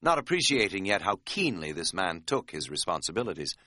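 A man's voice: low voice, very animated, a little fast, bright, forceful tone, no room sound. A man narrating an audiobook in a wry, dry-humored storytelling manner.

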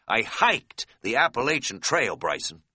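A cheerfully self-assured middle-aged hiking buddy, voiced by a man reading an audiobook talks with blunt, earnest bluster. His voice is bright and swings freely up and down. The sound is close and dry. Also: mid-range voice, very animated, measured pace, breathy edge, no room sound, exaggerated voice. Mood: breezy. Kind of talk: audiobook character dialogue.

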